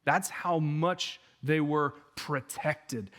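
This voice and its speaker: Male pastor, higher voice, lively storytelling sermon. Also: slow pace, few pauses. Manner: animated storytelling, acting out quoted speech.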